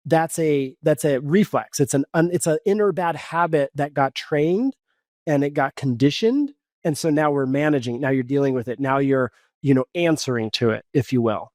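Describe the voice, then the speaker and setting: A man's voice: a little high, moderate pace, darkish tone, dry recording, clean studio sound. A man coaching in a podcast interview, explaining step by step in an earnest tone and acting out his own inner dialogue. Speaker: guest coach.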